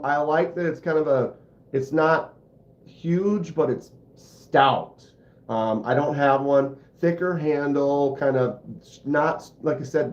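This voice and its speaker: Slow rambly guy chatting on a livestream, kinda self-deprecating, echoey room. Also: mid-range voice, a little mellow. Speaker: host of a knife channel livestream. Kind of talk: casual livestream chat. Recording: roomy, slightly dull sound.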